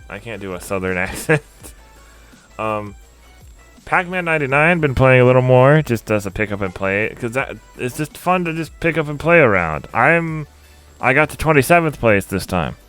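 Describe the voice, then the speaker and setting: A man hosting a casual games podcast, talking in a loose, rambling way with frequent laughs. His voice is smooth and resonant at a middle pitch. Faint music sits quietly behind him. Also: animated, measured pace. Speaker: podcast host. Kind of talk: casual chat.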